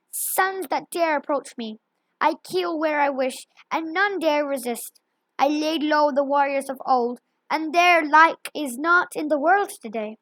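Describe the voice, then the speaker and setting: A woman reading aloud, voicing a huge, gloating old male dragon who mocks and boasts loudly. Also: high-pitched, dry recording, full character voice. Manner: mocking and boastful, loud declaiming.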